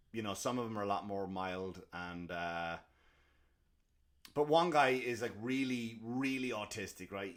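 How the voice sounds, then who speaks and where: A young man with a voice on the low side hosts a comedy podcast, ranting in a rambling, profane, animated way. He restarts often and slips into put-on quotes.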